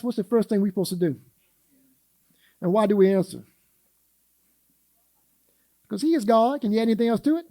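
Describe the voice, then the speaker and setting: A man with a high, mellow voice leads a church Sunday school class in a folksy way, posing questions to the class and acting out everyday quotes. The recording is close and dry, with no sense of room.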